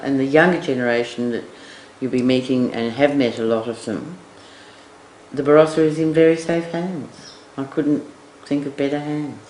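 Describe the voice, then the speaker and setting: Guy talking earnest and reassuring, middle pitch, roomy echoey kitchen, faint hiss. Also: fairly even intonation, normal speed, darkish tone. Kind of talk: casual reflection. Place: large home kitchen.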